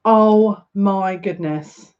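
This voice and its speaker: A woman giving a live card reading as a psychic, gushing and excitable, easily overwhelmed with emotion. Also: medium pitch, drawn-out words, highs cut off.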